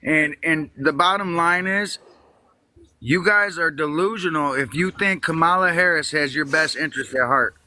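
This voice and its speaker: A man's voice: on the high side, moderate pace, sharp tone. A man calling in to a live stream, ranting in a heated argument and talking over the host.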